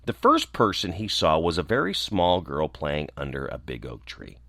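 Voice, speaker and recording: A man reading a children's story aloud, expressive and animated. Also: a bass voice, normal speed, no echo, clean studio sound.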